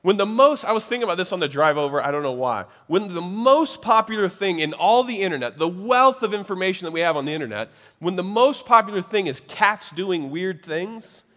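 Preaching a sermon, a man keeps things casual and conversational, frequently checking in with his listeners through quick tag questions. His high voice is animated, bright, and forceful, trailing a long reverb.

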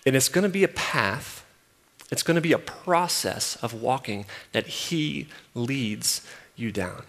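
A man's voice: medium pitch, expressive, measured pace, creaky. Emphatic preacher man in a big hall. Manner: emphatic, repeats phrases, swings from loud to soft. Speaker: pastor. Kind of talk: sermon. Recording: long hall reverb.

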